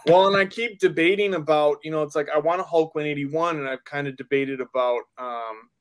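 Chatty man with a higher voice. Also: fairly quick. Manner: chatty, hesitant, full of fillers. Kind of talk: casual chat.

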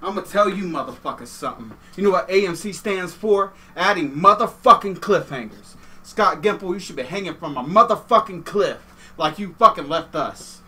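Furious, profane man ranting loudly. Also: high voice, expressive, brisk, slight background noise. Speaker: vlogger. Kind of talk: angry comedic rant.

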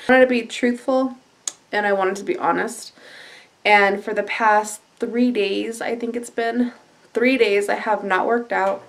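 A woman talking candidly in a personal vlog from her living room, halting at times with fillers. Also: mid-range voice, a little hiss or hum. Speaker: vlogger. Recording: voice a bit distant from the mic.

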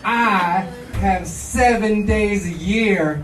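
A man performing a stand-up comedy set in a slow, deadpan manner, taped live in a club. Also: high voice, echoey room, recorded from a distance, noisy background.

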